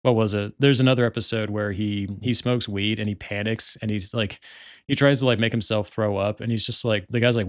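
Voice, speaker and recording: A man's voice: fairly low pitch, steady tone, a little fast, a bit bright, no room sound, clean studio sound. A young man hosting a solo podcast, chatting casually and rambling with lots of filler words. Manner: rambling, many filler words, frequent laughter. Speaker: podcast host.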